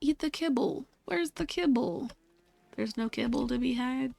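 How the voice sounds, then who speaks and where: Rambling young woman, swearing, slightly high. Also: unhurried, vocal fry, mellow, no room sound. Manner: rambling, laid-back, swears freely, laughs often. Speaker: vlogger. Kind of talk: casual storytelling while crafting. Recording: faint music behind.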